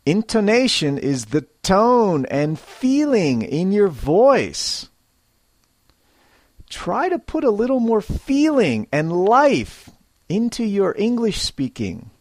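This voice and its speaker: A male English teacher talks slowly and clearly, giving a scripted lesson. His pitch swings widely as he acts out example sentences to show intonation. The recording is dry and close. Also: big pitch swings, a little mellow, no echo. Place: Japan.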